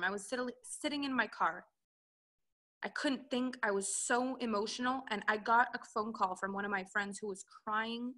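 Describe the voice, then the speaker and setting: A woman's voice: fairly high pitch, pushed and bright. A woman coaching entrepreneurs, telling her personal story in an interview and acting out the dialogue she quotes. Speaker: relationship and business coach, guest.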